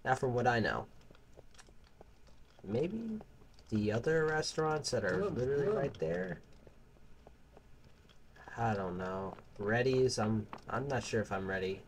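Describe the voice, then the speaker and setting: A man's voice: medium pitch, animated, unhurried, pauses often, slight background noise. A man giving casual, crude, rambling gameplay commentary, joking with the game characters. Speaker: gaming channel host.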